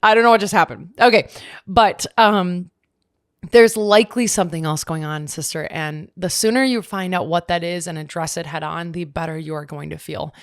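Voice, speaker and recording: A woman's voice: on the low side, fairly even intonation, moderate pace, dry recording, studio quality. Candid, chatty woman podcast host. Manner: candid and chatty, swears, laughs at herself. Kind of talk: casual chat.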